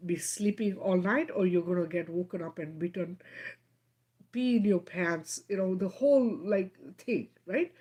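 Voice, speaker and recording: Telling a personal story on her live stream, a middle-aged woman speaks emphatically in a mid-range, darkish voice. She frequently checks in with her listeners, asking "right?" and "okay?".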